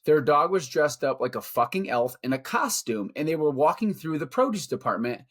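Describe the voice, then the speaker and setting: A man's voice: a little high, big pitch swings, a little fast. A middle-aged man co-hosting a podcast, ranting bluntly and profanely about his opinions in casual talk. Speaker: podcast co-host. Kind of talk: casual rant.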